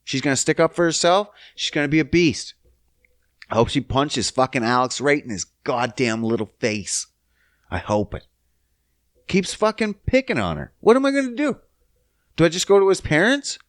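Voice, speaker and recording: A man in his thirties hosting a podcast, ranting casually and cursing as he swings between loud outbursts and low mutters. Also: sing-song, normal speed, no room sound, studio quality. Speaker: podcast host.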